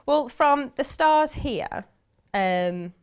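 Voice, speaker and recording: Woman, Black Country accent, TV craft demo guest, chatty, lively melodic voice. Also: high-pitched, very slow. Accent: Black Country English. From Wolverhampton, England. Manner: chatty, explains steps as she works. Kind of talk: sewing demonstration chat.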